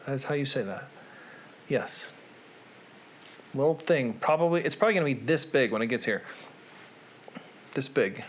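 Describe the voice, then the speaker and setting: A man with a Southern US accent hosting his own show, talking casually in a rambling, deadpan, self-deprecating way from a small room at home. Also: mid-range voice, normal speed, long pauses. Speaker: show host. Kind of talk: casual monologue to camera.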